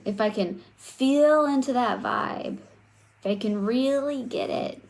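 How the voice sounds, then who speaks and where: A young woman leads a live-streamed coaching session, talking directly to her viewers. Her delivery is animated and conversational, her voice sits at an ordinary middle pitch, and she keeps prompting the audience to respond. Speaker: self-worth coach.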